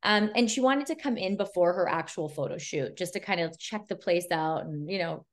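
A woman's voice: on the low side, normal speed. Chatty woman photographer telling stories. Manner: chatty, filler-heavy, retells scenes with quoted dialogue. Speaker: boudoir photographer guest. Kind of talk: casual storytelling chat.

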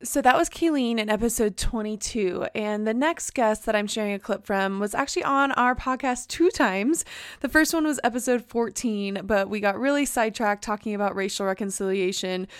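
A woman podcast host giving a scripted, measured introduction to clips. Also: medium pitch, clean tone, no echo, studio quality.

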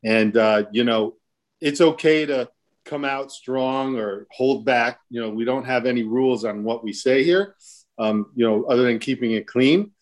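A man's voice: medium pitch, normal speed. A man moderating a live online panel of dads, talking in a loose, joking way with frequent restarts. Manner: rambling, jokey, with restarts. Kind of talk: casual panel discussion.

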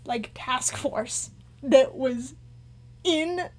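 Woman, high voice, casual chat, animated, acts out quotes. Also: drawn-out words. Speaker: podcast co-host.

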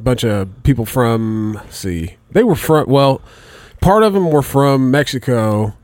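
Man, lively swinging pitch, crude laughing storyteller, dry sound. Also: unhurried, no room sound. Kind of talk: casual chat.

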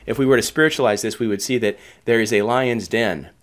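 A man's voice: fairly low pitch, fairly quick. A man preaching a sermon, reading scripture and asking the listeners earnest questions. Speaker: pastor.

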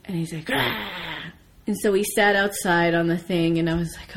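Animated American woman telling stories. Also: lowish voice, normal speed. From United States. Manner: animated storytelling, swears freely. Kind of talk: casual chat.

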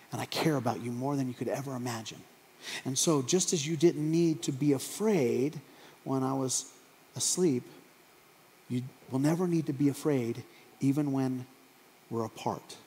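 A man voicing a gentle male teacher who reassures his followers in a soft, hushed voice in an echoey hall. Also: medium pitch, pitched below the performer's own voice, lightly acted.

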